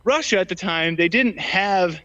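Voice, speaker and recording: A man with a high, pushed, bright voice speaks animatedly but at a measured pace. Appearing as a guest in a casual political debate, he is slightly winded and peppers his points with ums and false starts, captured in dull lo-fi sound.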